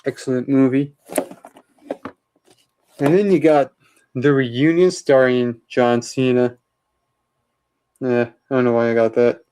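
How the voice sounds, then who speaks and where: A man with a mellow, dark-toned voice walks through his shelf of movies and shows in a loose, chatty vlog. He gives quick opinions on each title and fills his pauses with uh and um. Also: mid-range voice, fairly even intonation, clear, resonant tone. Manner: chatty, opinionated, with many uhs while listing titles. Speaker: vlogger showing his DVD collection. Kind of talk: casual collection walkthrough.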